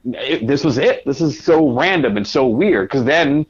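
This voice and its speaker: A man, a podcast guest, telling a casual anecdote with lively quoted asides. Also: mid-range voice, a little slow, husky. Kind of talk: casual storytelling. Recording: dull lo-fi audio.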